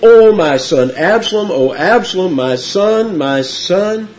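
A mournful old king cries out for his lost son, played by a preacher in the middle of a sermon. The voice climbs high and wavers with grief. The recording sounds dull and lo-fi. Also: animated, slow pace, darkish tone. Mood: grieving. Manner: mournful wailing cry.

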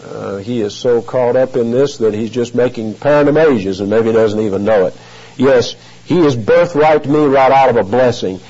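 A man's voice: medium pitch, mellow, breathy edge. A man preaching an expository sermon, earnest and emphatic, stretching out key phrases. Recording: muffled lo-fi recording.

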